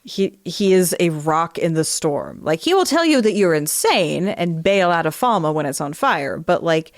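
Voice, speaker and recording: A young adult woman co-hosting a casual book podcast, animated and laughing as she reads quotes in playful accents. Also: fairly low pitch, moderate pace, dry recording, clean studio sound. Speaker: podcast co-host. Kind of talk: casual book discussion chat.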